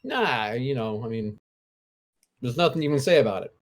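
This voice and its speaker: A man's voice: medium pitch, expressive, normal speed. A man co-hosting a casual podcast chat from home, gushing enthusiastically like a devoted fan. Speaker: co-host. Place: home, remote live show during lockdown.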